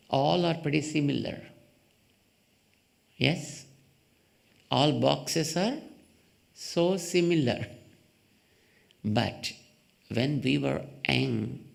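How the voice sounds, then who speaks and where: Teaching in a temple hall, a man offers a slow spiritual discourse in a creaky voice. Simple examples and rhetorical questions carry his points, while quoted voices get acted out with an abrupt leap to a high pitch.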